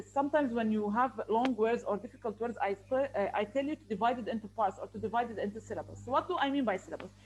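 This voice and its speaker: A woman's voice: a little high, a little hiss or hum, low-quality recording. A woman teaching an online English class over a video call, patiently repeating and stretching words as she explains.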